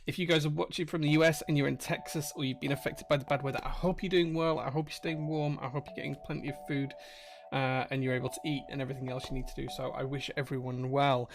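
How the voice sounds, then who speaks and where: A man's voice: medium pitch, level tone, quick pace, vocal fry, hardly any pauses. A man hosting a casual livestream, greeting viewers by name in a friendly, rambling way with lots of fillers. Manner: friendly, rambling, reads chat names aloud with fillers. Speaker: livestream host, keyboard builder. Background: music playing.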